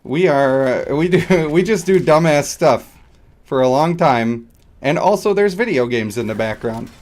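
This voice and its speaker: A man's voice: fairly high pitch, expressive, measured pace, a little mellow. Rambling, jokey male game streamer. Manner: rambling, joking, self-deprecating. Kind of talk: casual live-stream chat over gameplay.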